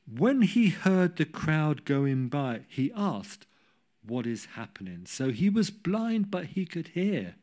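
Slow, animated male preacher. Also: on the high side. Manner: animated, rising to loud cries when quoting, humorous asides. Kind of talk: sermon.

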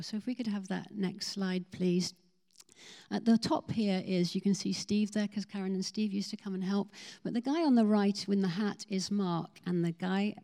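A woman's voice: mid-range voice, vocal fry, mellow. A woman telling testimony stories in a sermon, acting out the voices of the people she quotes. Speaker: ministry team leader.

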